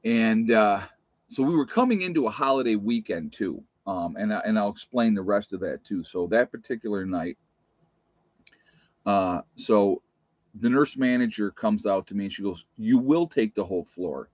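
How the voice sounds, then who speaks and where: Blunt low-voiced man telling nurse stories. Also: animated, moderate pace, a little mellow, no echo. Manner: blunt, plainspoken, emphatic. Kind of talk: casual storytelling vlog. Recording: dull, muffled recording.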